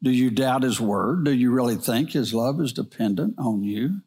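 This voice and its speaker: A wise old nanny from a storybook gives firm but gentle counsel, read by a man. Her lines come at an ordinary middle pitch, steady and kindly stern. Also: moderate pace, breathy edge.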